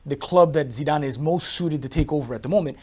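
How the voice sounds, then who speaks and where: A man co-hosting a sports show, talking football in a casual, analytical way with quick restarts. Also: fairly high pitch, darkish tone, breathy edge. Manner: fast, talkative, analytical with frequent restarts.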